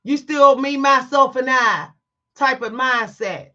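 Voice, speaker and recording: A woman's voice: high-pitched, slow pace, bright, forceful tone, muffled recording. A woman telling a story to her viewers in a blunt, emphatic, preachy way, stressing her words. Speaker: vlogger. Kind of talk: candid storytime monologue to viewers.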